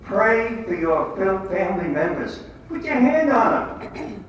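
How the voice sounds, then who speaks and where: An older man gives a faith talk to a gathered group, telling stories and acting out the dialogue with emphasis. His voice sits a little high for a man. He is heard from a distance in a very echoey hall, with faint noise underneath. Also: big pitch swings, slow. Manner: storytelling with quoted dialogue, emphatic. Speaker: lay speaker at a prayer meeting.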